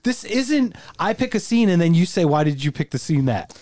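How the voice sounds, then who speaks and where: A man's voice: fairly high pitch, big pitch swings, moderate pace, darkish tone, dry recording, clean studio sound. A man co-hosting a casual podcast, talking crudely and acting out movie lines. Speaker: podcast co-host. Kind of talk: casual chat.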